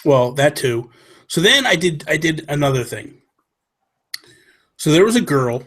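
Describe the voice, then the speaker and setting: A husky-voiced man hosts a relaxed gaming talk show. He tells stories excitedly, rambling and correcting himself as he goes, in a casual conversational tone. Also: a little high, unhurried, pauses often. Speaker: podcast host. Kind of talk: casual chat, storytelling.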